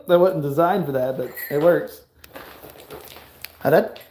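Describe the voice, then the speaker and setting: A man hosting a casual livestream, talking to a friend and cooing at his pet in a high sing-song voice. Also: takes it slowly, noisy background. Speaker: livestream host.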